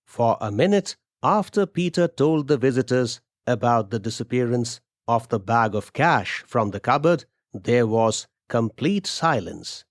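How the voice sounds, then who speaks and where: A male narrator reads a story in a slow, steady, deliberate voice. His pitch sits in a middle range, and the recording is dry and close with no room sound. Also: dry recording. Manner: measured, deliberate.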